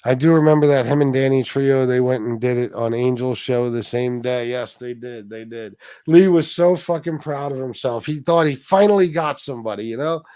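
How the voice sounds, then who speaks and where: A man's voice: medium pitch, normal speed, warm tone, clear, resonant tone, dry recording, clean studio sound. A man hosting a casual livestream, chatting loosely and profanely with viewers and reading their donations, with many restarts. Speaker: livestream host.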